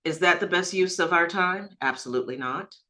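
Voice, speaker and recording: A woman broker leading a group training on a video call, emphatic and lively, laughing easily as she coaches agents. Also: lowish voice, brisk, rough recording.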